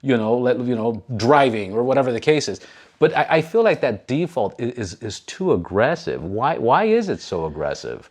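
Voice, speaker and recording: A man's voice: mid-range voice, moderate pace. A man in his thirties hosting a casual talk show, telling stories animatedly with plenty of swearing and acted-out quotes. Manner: animated, profane, acts out quoted people. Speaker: podcast host. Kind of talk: casual storytelling.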